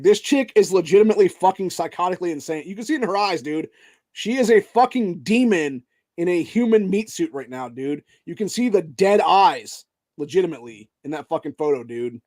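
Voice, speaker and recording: Man with a slightly high voice, swearing heavily as he rants. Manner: heavy profanity, keeps tacking "dude" onto sentences; angry, heated tirades between flat read-outs. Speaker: podcast host. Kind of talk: reading news articles aloud and ranting over them.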